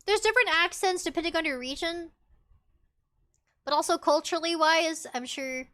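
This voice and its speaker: High bright-voiced young woman streamer. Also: moderate pace. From Southern United States. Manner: chatty, rambling, reads chat aloud. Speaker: VTuber streamer. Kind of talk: casual live-stream chat.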